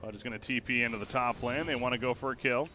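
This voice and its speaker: A man giving live play-by-play commentary on a video game match, his pitch and volume surging during the fights. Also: steady tone, fast, sharp tone, a little hiss or hum. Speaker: esports caster. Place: home streaming setup.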